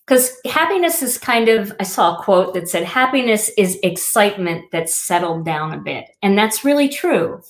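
A woman's voice: mid-range voice, animated, moderate pace, hardly any pauses. A middle-aged woman hosting a crafting livestream, talking casually and reflectively with many fillers. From Wisconsin.

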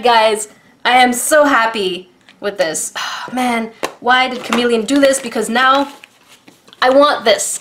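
A woman reviewing art supplies in a casual unboxing vlog, gushing and excitable as she talks to her viewers. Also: on the high side, slight background noise.

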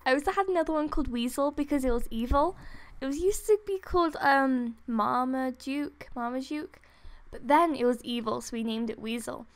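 A young woman doing excited gameplay commentary, gasping, laughing and gushing near tears into a desktop microphone at home. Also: sits high, moderate pace. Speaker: gaming vlogger. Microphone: desktop USB microphone.

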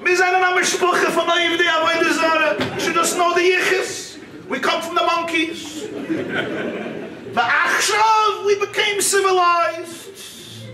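A man's voice: very high-pitched, level tone, unhurried, a crowd in the background, voice pushed up. A man voicing a boastful young groom making a proud wedding speech. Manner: shouting, mock-proud. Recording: echoey hall, distant mic.

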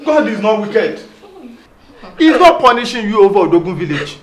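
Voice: mid-range voice, sing-song, moderate pace, roomy sound, crowd noise, lightly acted. An actor playing a friend who questions and defends the accused pastor. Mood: questioning.

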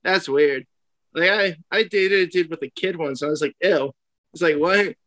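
A man's voice: on the high side, normal speed, a bit bright, no room sound, poor audio. A young man, a comedian, chatting casually on a podcast and telling stories with laughs, acting out his own reactions. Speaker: comedian guest.

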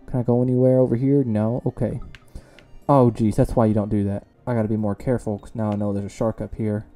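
A man's voice: lowish voice, little pitch movement, fast, soft background music. Chatty young man narrating gameplay. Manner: chatty, self-mocking, reacts loudly to close calls. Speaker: let's play gamer. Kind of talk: casual gameplay commentary.

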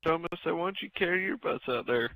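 Teasing man with a higher voice. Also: expressive, racing, sharp tone, low-quality recording. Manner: amused, teasing questions. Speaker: listener. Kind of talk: casual chat.

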